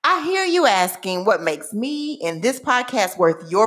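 A woman in her forties from Texas with a Texan accent, hosting and opening her own podcast in a lively, playful, emphatic way. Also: medium pitch, moderate pace, hardly any pauses. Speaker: podcast host. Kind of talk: enthusiastic podcast intro.

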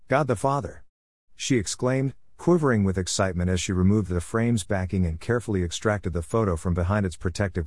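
A man narrating a novel in a measured, descriptive storytelling manner. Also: low-pitched, darkish tone, no room sound, studio quality. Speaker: audiobook narrator. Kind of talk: scripted narration.

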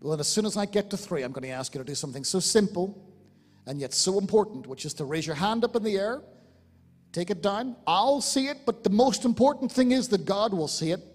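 A man with an Irish accent, the lead pastor of a church, preaching a fervent sermon that swings between loud exclamations and quiet appeals. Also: high-pitched, lively intonation, brisk, in a large hall. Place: large church hall.

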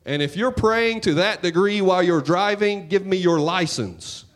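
A man preaching a sermon in church, talking to the congregation in a conversational, joking way and swinging between loud and hushed. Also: high-pitched, expressive, moderate pace. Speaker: pastor.

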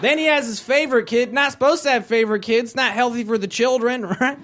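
A man's voice: very high-pitched, steady tone, fairly quick, fairly bright tone. A man performing a rambling stand-up comedy set on stage, acting out quotes in conversational bits. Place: comedy stage before a live audience.

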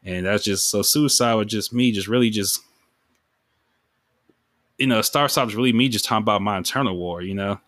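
Man, low deep voice, rambling emotional podcast talk, many fillers, dry close sound. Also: normal speed, pauses often, a bit bright, dry recording. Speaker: podcast host and music artist. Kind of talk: casual reflective monologue.

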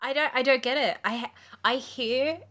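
Bright, high Australian woman, playful. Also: normal speed. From Western Sydney, Australia. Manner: playful, emphatic, giggly. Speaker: podcast co-host. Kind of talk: casual chat.

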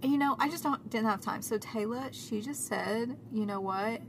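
A woman's voice: fairly high pitch, normal speed, gravelly, noisy background. A young woman co-hosting a podcast in casual chat, rambling and self-deprecating. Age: young adult. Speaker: podcast co-host.

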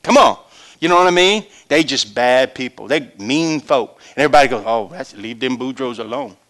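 A middle-aged man preaching a sermon, acting out voices and swinging from hushed asides to shouts. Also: medium pitch, expressive, normal speed. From Louisiana.

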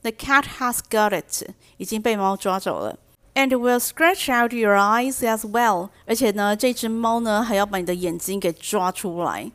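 A woman teaching vocabulary through a storybook, reading each line slowly and then translating and explaining it. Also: mid-range voice, a bit bright. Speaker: English teacher. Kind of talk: bilingual storybook lesson.

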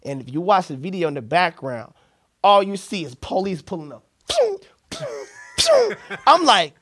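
A young man telling a story in casual chat, animated, laughing and acting out what people said. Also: high voice, a little fast. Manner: animated, laughing, acts out quotes.

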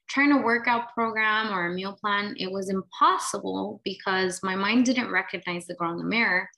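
Poor audio carries a gravelly, pushed, bright mid-range voice belonging to a woman in her late twenties or thirties. As a vlogger, she recounts a personal story frankly and informally, full of "like" and "right?" fillers.

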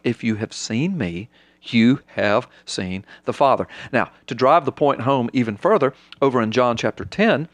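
Animated preacher man. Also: no echo. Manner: animated, acts out quotes with big pitch jumps. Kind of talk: conversational sermon-style explanation.

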